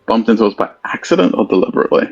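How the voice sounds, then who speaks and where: A man's voice: fairly low pitch, big pitch swings, racing, gravelly, husky, lo-fi sound. A man playing in a tabletop game, describing his character's actions in a hesitant, rambling way. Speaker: player.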